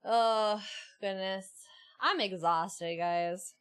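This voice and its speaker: A woman's voice: medium pitch, smooth. A woman streamer in casual chat, laughing often and talking freely with viewers and her co-host. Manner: giggly, chatty, laughs often.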